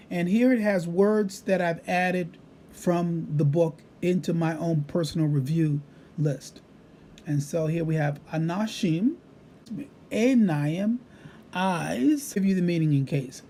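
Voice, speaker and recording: A man's voice: fairly high pitch, dark tone, a little hiss or hum. A middle-aged man, a Hebrew teacher, patiently walking through a vocabulary app demonstration with frequent "uh" fillers. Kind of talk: screen-recorded app demonstration lesson.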